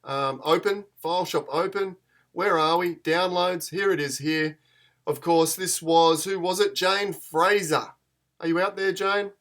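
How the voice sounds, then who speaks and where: A man's voice: sits high, fairly even intonation, measured pace, fairly bright tone. A man, chatting in a rambling, self-deprecating way as he hosts a live photo-editing tutorial stream.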